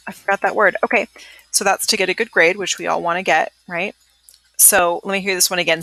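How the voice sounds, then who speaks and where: A woman teaching a recorded vocabulary pronunciation lesson. She says each word slowly, then repeats it at natural speed, and asks listeners to say it back. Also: fairly low pitch, fairly even intonation, creaky, sharp tone, no echo. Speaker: Spanish teacher.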